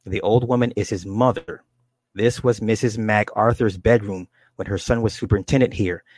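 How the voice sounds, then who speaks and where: A man reading the lines of a woman clairvoyant in a trance, in slow, measured pronouncements. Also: fairly low pitch, fairly even intonation, a little mellow, no echo, lightly acted. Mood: solemn.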